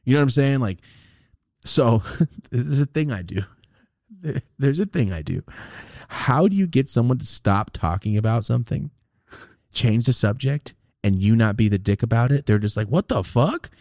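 A man co-hosting a podcast, telling stories in a casual, profane, animated way, jumping into loud high-pitched outbursts when he quotes people. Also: normal speed, gravelly, no echo, clean studio sound. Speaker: podcast co-host.

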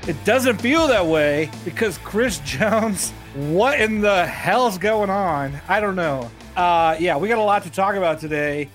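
Man, around forty, podcast co-host, casual rambling chat, a bit high-pitched, faint music behind. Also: a little slow, few pauses, fairly bright tone. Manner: loose and chatty, many fillers and "like"s.

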